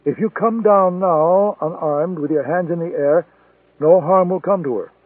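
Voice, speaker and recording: Narrator doing a menacing male assassin, taunting, raised and husky, thin phone-like audio. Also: on the high side, expressive, dry recording, far from the mic. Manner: taunting, deliberate and threatening. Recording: tinny phone-like sound, dry.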